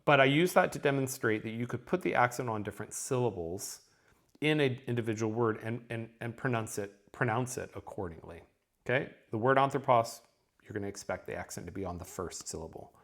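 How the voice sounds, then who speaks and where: A man teaching a lesson, speaking at an ordinary middle pitch for a man. He explains step by step, pausing often with "um" and checking in with "okay?". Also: a bit bright. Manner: explanatory, with frequent ums and checking okays. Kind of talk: recorded lesson.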